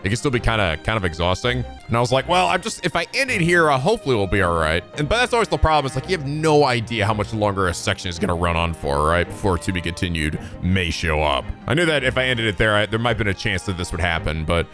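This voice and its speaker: A young man chats through a game playthrough in a loose, energetic ramble, dropping the odd swear. His pitch rises and falls in lively swings. Faint game music plays underneath. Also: fast talker, few pauses. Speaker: let's play host. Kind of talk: casual gameplay commentary.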